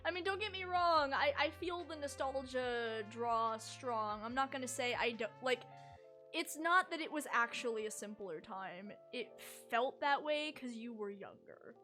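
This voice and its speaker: A woman's voice: sits high, lively intonation, measured pace, pushed and bright, faint music behind. A woman in her thirties chatting casually as co-host, playful and teasing, laughing often. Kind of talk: casual chat.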